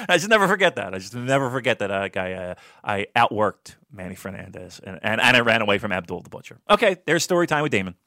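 A man telling casual stories in a podcast chat, animated and swearing, often jumping into a high voice when he quotes people. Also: quick pace, few pauses, no room sound, studio quality.

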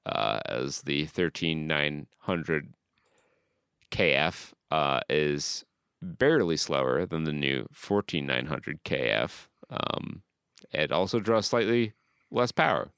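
A man co-hosting a podcast, teasing the others drily and then reading gaming news in a measured way. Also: sits low, a bit bright, smooth, no room sound, studio quality. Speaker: podcast co-host.

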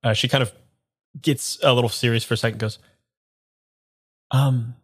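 A woman's voice: a bass voice, steady tone, normal speed, husky. A woman narrating a tabletop game as game master, casual and prompting the players.

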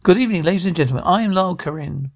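An actor playing a composed male TV news anchor, reading the news in a brisk, formal way in a dubbed TV drama. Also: high-pitched, lively intonation.

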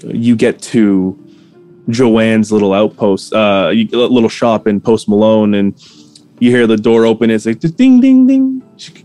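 A man's voice: on the low side, flat delivery, mellow, faint music behind. A man running a tabletop role-playing game as game master, narrating scenes with frequent stumbles and restarts. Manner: halting, many restarts while describing scenes.

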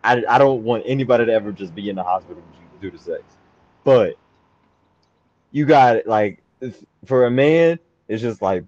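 A man's voice: mid-range voice, normal speed, no echo, highs cut off. Young man bragging through a story. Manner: animated, bragging storyteller who swings into loud exclaiming. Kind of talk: casual chat.

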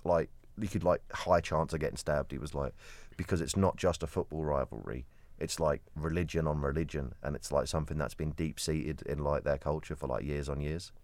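A man's voice: very deep voice, fairly even intonation, fairly quick, few pauses, a little mellow, no room sound. Chatty young man from Kent. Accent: southern English. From Kent, England. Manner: chatty, rambling, playful. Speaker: podcast co-host. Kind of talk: casual chat.

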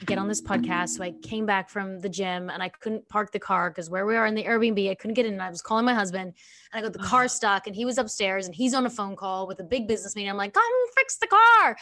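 A woman's voice: mid-range voice, fairly bright tone. A woman hosting a podcast, chatting casually and self-deprecatingly, with lots of fillers. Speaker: podcast host.

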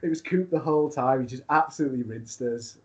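A man, a wrestler guest, telling a long funny story in a casual, animated way with laughs. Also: medium pitch, fast.

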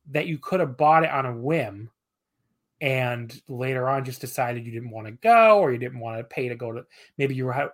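A man in his thirties, a guest on a podcast, talking in a relaxed, rambling, self-deprecating way with plenty of fillers. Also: medium pitch. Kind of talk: casual podcast chat.

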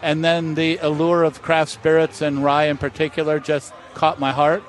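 A master distiller with a fairly high-pitched voice and a moderate pace tells stories in an interview at an outdoor festival. He is an animated storyteller who acts out the voices of the people in his anecdotes.

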